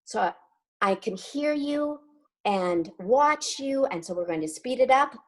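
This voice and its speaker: A middle-aged woman leading a sing-along warm-up as choir leader, upbeat and coaching, with crisp diction. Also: fairly high pitch, lively intonation, slow.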